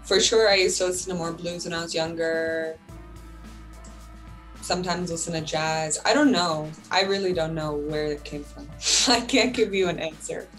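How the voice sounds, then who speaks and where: A woman's voice: lowish voice, moderate pace, fairly bright tone, soft background music. A woman in her thirties, a singer and producer, talking reflectively in a casual interview and laughing often. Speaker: singer and music producer, guest.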